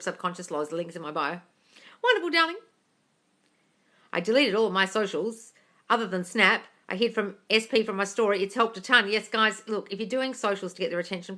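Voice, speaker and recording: A woman chats on a live stream, reading out viewer questions and answering each one. Her voice is bright and forward, and she calls her viewers darling, gushing over good news before giving firm advice. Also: mid-range voice. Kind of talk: casual live-stream chat.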